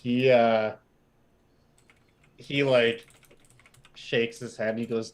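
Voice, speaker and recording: A man's voice: mid-range voice, flat delivery, slow pace, pauses often. A man narrating as game master in a loose, laughing way.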